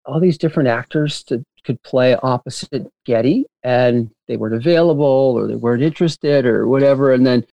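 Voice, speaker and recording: Man, middle pitch, animated storyteller, restarts a lot, dry mic. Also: creaky, no echo, lo-fi sound. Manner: rambling, animated, quick to laugh, many restarts. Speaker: filmmaker guest. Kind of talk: casual interview storytelling.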